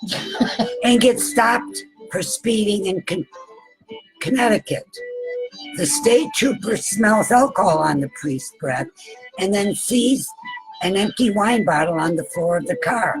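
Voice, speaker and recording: A woman, the host's mother, reading a joke aloud in a steady, plain way with small chuckles. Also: mid-range voice, a little slow, low-quality recording. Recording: loud music in the background.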